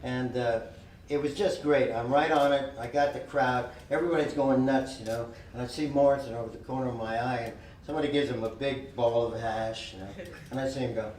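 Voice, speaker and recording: A man's voice: medium pitch, fairly quick. Laughing man telling stories in an echoey room. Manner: animated, laughing storyteller. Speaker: musician telling a tour story. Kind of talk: casual anecdote. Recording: echoey, distant, noisy room.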